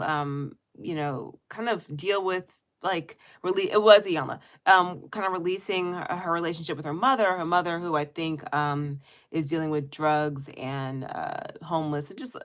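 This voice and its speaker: Chatty laughing woman vlogger. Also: lowish voice. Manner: chatty and laughing, with animated quoted asides. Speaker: vlogger hosting a weekly live check-in. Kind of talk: casual chat. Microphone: headphones on.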